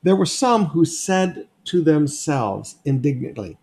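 Guy teaching a bible passage, kinda high voice, gravelly, keeps going "now notice" and "okay?". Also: sing-song, normal speed, darkish tone. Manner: conversational, emphatic, asks "notice" and "okay?"; sketches on a board while teaching. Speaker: pastor. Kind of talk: expository Bible teaching sermon.

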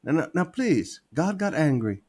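Male preacher, sermon delivery, husky, dark tone, lively pitch, repeats phrases for emphasis. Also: moderate pace.

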